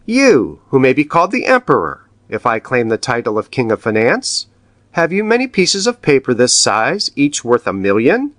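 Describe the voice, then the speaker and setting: A man's voice: mid-range voice, huge pitch swings, moderate pace, a bit bright, no room sound. A man voicing an anxious, proud wealthy male banker who pleads and stammers. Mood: boastful.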